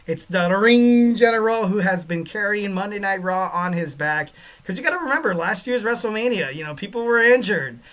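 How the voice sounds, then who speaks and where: A man's voice: high voice, lively intonation, normal speed, few pauses, a bit bright. A man hosting a wrestling podcast, talking in a casual, rambling way full of fillers and laid-back slang. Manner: rambling, heavy on fillers like "you know". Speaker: podcast host.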